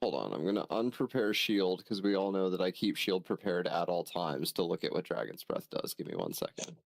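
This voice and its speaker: A deep-voiced man chatting as a player in a tabletop game, explaining rules and swearing now and then. His voice is dry and close, with no room sound. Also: big pitch swings, a little fast, creaky, dry recording. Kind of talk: casual tabletop game chat.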